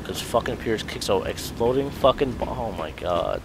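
A man's voice: lowish voice, expressive, moderate pace, fairly bright tone, slight background noise. Swearing, ranting gameplay commentator man. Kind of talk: let's play commentary.

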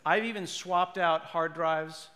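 Guy doing a funny tech keynote, kinda high voice, big echoey hall. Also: takes it slowly. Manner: animated, jokey, mimics people with put-on voices. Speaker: conference speaker. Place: large conference hall. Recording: long hall reverb.

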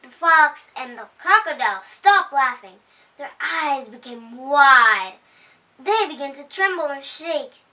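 At home, a woman with a high, bright voice reads a children's picture book aloud, her pitch rising and falling with the story in an animated way. She reads slowly and cheerfully, heard from a distant mic with background noise.

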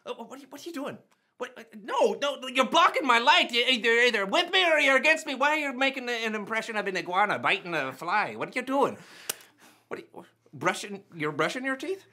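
Brag-happy Scottish rapper: very high, lively, gravelly, put-on Scottish accent, for a kids' church skit. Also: male voice, exaggerated voice. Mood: flustered. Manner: boastful, flustered, quick to laugh. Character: boastful self-styled Scottish rapper man, excitable. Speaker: skit character.

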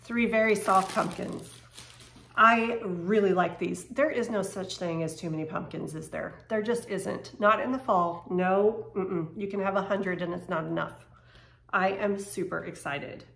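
A woman chatting casually to camera as she unboxes home decor, excitable and gushing, with quick bursts of surprise. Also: mid-range voice, vocal fry. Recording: echoey room with faint noise.

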